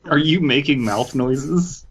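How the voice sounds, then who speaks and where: A man's voice: a little high, slow, slight background noise. A man co-hosting a comedy podcast, reading fanfiction aloud and breaking into laughter mid-sentence.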